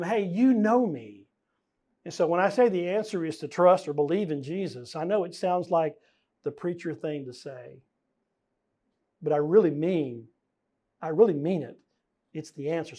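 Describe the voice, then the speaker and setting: A man with a fairly high voice preaches a sermon. He is earnest and conversational, pausing often and leaning hard on the words he wants to stress. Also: a little mellow. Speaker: pastor.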